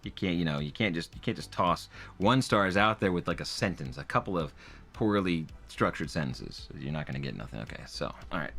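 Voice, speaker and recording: A man's voice: deep voice, lively intonation, fairly quick, vocal fry, fairly bright tone. A man hosting comedic commentary on reviews, with exaggerated reactions and frequent laughs. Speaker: host.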